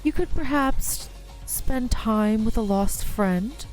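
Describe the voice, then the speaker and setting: A woman reading the lines of a calm, persuasive mastermind villain aloud from a game, in a soothing, coaxing way. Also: a little high, slow pace, soft background music.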